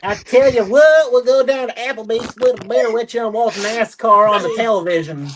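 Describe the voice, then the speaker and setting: A young man putting on a loud, folksy country accent as a good-old-boy character. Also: very high-pitched, moderate pace, a little hiss or hum, pitched above the performer's own voice. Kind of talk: casual chat.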